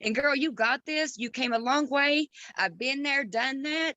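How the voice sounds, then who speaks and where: A woman's voice: high voice, unhurried, no echo, dull audio. A woman speaking directly and supportively to a friend, calling her girl. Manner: warm-hearted, direct, calls people girl. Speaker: group member. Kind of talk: supportive casual talk.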